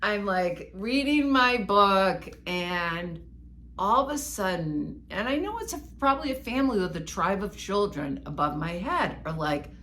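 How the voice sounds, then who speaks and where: A woman co-hosting a podcast, telling a personal story in an animated, self-mocking way. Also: mid-range voice, a little slow, a little hiss or hum. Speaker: podcast co-host. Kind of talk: casual storytelling chat.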